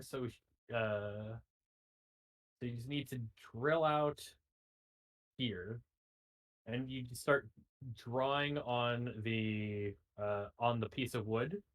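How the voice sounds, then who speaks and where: A dungeon master running a tabletop role-playing game in a relaxed way, explaining the scene with many "uh"s and "like"s. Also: medium pitch. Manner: relaxed, filler-heavy explaining.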